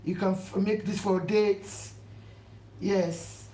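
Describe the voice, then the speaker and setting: Her medium-pitched voice is mellow, slow, and fairly even in intonation as she hosts a live cooking stream at home. Effusive and repetitive, she keeps pressing viewers to subscribe. The kitchen echoes, and faint household sounds linger behind her.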